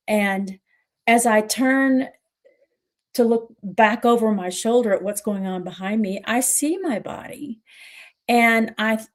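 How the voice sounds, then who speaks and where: A woman's voice: on the high side, a little mellow. Emotional woman telling a personal story. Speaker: co-host.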